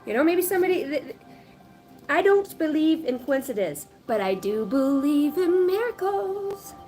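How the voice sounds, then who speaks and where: Woman in her thirties, casual livestream chat, rambling, animated, soft background music. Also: high-pitched, moderate pace. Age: 30s. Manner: rambling, animated, often laughing. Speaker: spiritual reader.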